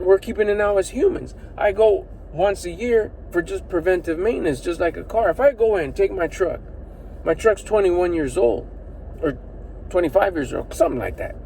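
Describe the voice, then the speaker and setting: Middle-aged dude vlogging from his car on his phone, kinda high voice, slangy, swears, lots of "what if" questions, faint traffic behind. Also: low-quality recording. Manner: animated, slangy, swears freely, talks in rhetorical questions. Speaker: personal development vlogger. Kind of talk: casual motivational talk to camera.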